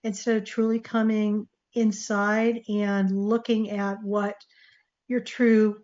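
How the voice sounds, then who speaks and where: A woman's voice: medium pitch, level tone, takes it slowly, a little mellow. A woman hosting her own talk show, speaking earnestly with restarts and fillers, coughing and losing her voice. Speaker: show host. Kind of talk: solo talk show monologue. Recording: dull lo-fi sound.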